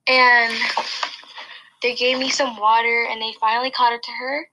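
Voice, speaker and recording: A young woman chats through a long personal story on a casual podcast. She rambles, restarts sentences and leans on fillers. Her voice is bright and sits a little high. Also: level tone, normal speed, rough recording. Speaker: podcast host.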